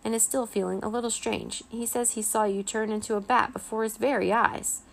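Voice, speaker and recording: A woman's voice: steady tone, a little fast, vocal fry. A woman voicing a stern vampire mother who scolds and screeches, in a children's storybook reading. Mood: scolding. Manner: shrill, scolding, theatrical.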